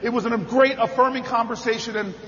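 High-pitched man rallying a hall. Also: fairly even intonation, brisk. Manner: storytelling that builds to shouted rallying calls. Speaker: politician giving a convention speech. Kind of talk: rousing political speech. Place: large convention hall with a crowd. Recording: echoey hall, dull sound, crowd behind.

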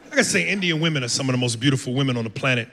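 A man with a gravelly edge works a comedy club stage, brash and profane, slipping into voices. The sound is a live mic in a hall with a long echo and steady room noise behind him. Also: mid-range voice, racing. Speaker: stand-up comedian. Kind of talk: stand-up set.

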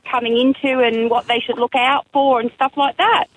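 An enthusiastic woman calling in to a radio show. Her voice is high and airy. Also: steady tone, normal speed, poor audio. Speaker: caller. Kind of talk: radio phone-in.

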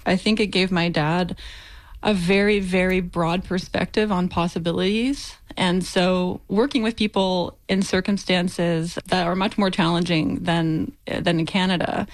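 A woman guest in a radio interview, speaking earnestly with soft laughs now and then. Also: fairly low pitch, fairly even intonation, measured pace.

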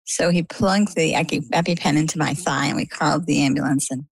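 Low, gravelly middle-aged woman storyteller. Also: brisk, no echo, low-quality recording. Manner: animated, lively retelling. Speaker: interview guest. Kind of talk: conversational storytelling.

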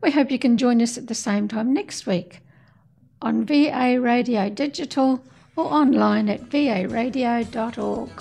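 A woman with a scratchy, hoarse voice hosting a radio reading show and giving a polite, measured sign-off. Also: on the high side, dark tone, faint music behind. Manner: measured, polite closing announcement.

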